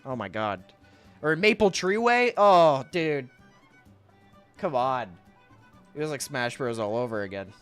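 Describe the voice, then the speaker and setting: Smooth-voiced young man chatting on stream. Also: medium pitch, fairly bright tone. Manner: rambling, chatty, reads chat aloud, often laughs. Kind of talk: casual livestream chat while drawing.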